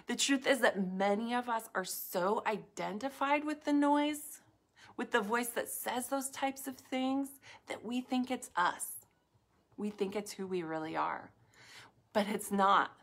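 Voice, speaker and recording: A woman speaking to viewers in a live talk about inner calm, in soft, reflective phrases full of "like" and pauses, sometimes dropping to a whisper. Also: medium pitch. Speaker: wellness speaker.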